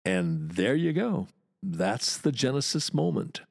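Gravelly man with a wry storytelling lilt. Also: medium pitch, big pitch swings, takes it slowly, a little mellow, no room sound, studio quality. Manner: wry, chatty storyteller with asides. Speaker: podcast host and walking tour guide. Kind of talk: scripted history narration.

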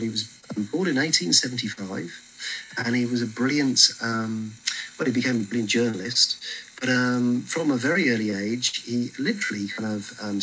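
A man leading a walking tour outdoors on a city street, telling stories in a lively way with frequent fillers. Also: mid-range voice, a little hiss or hum, poor audio.

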